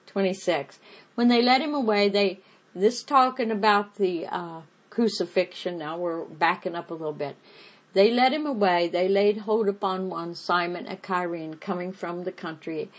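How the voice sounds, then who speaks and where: Woman, Bible teacher, reads verses then explains plainly, middle pitch. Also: low-quality recording. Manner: reads scripture aloud, then explains in plain words with fillers. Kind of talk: Bible study reading and explanation.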